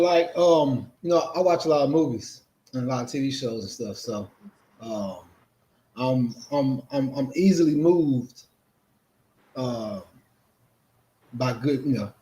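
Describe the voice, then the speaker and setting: Hesitant male guest, mellow dark tone, roomy echo on the line. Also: medium pitch, measured pace, pauses often. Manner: hesitant, many fillers. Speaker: panel guest. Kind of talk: casual chat. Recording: echoey room on a call.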